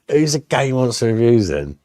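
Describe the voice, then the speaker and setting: A man's voice: mid-range voice, big pitch swings, normal speed, dark tone, no room sound. A man hosting a casual live stream, bantering and joking crudely with viewers. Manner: banter-heavy, jokey and crude.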